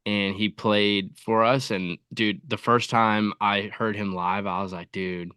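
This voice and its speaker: A man's voice: fairly low pitch, fairly even intonation, a little slow, sharp tone, clear, resonant tone, no echo, clean studio sound. A man guesting on a podcast, telling his story in an easygoing way with lots of likes and you-knows. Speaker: podcast guest, content creator. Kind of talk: casual interview.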